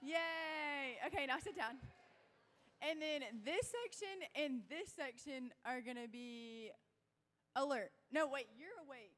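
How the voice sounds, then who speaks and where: A young woman with a sore voice leads a crowd game at a church youth event, bubbly and shouting cheers. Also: sits high, slow pace.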